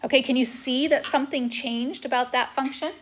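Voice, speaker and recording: A woman's voice: high-pitched, steady tone, brisk. A woman teaching a math lesson in a chatty style, filling her talk with frequent "okay"s while she works through a whiteboard recording. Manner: chatty, says "okay" often. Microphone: tablet microphone.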